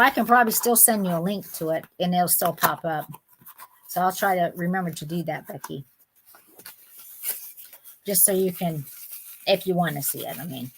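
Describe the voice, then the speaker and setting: A woman's voice: fairly high pitch, a bit bright, slight background noise. Woman, middle-aged, live-stream host, chatty, indignant, casual. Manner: chatty, indignant, talks straight to viewers by name.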